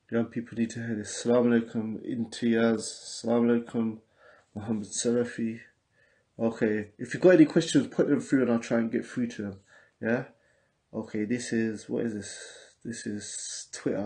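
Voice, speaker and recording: A man's voice: medium pitch, vocal fry, warm tone. A man with a London accent hosting a casual livestream, chatting loosely and reading out viewer comments. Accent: London English. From England. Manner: chatty, repetitive, loose street slang. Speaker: podcast host.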